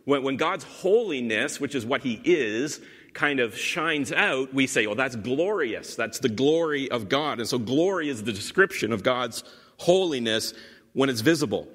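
A man's voice: medium pitch, expressive, normal speed, a bit bright. A man preaching a teaching sermon, explaining scripture with repeated emphasis and dry asides. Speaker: pastor. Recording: long hall reverb.

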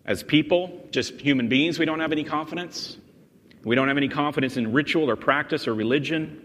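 A man's voice: fairly high pitch, a little fast, a bit bright, a little hiss or hum. Emphatic male pastor in a reverberant hall. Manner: emphatic, explanatory, often restarts and repeats words. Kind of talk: sermon. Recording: long reverb in a large hall.

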